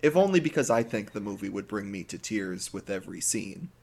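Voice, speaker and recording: Podcast co-host, male, low gravelly voice, sarcastic and profane. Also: very animated, a little fast, a little mellow. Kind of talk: casual chat.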